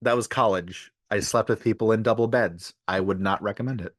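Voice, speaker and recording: A man's voice: fairly low pitch, fairly quick, no room sound. A man co-hosting a podcast, chatting casually and making dry jokes while recapping an old sitcom episode. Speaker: podcast co-host.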